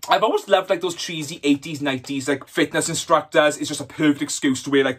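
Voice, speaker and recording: A man's voice: fairly high pitch, brisk, hardly any pauses, a bit bright, husky. A Welsh man in his twenties, flamboyant and camp, answering viewer questions in a sassy, swear-heavy vlog. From Wales. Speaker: YouTuber. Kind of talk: casual Q&A vlog.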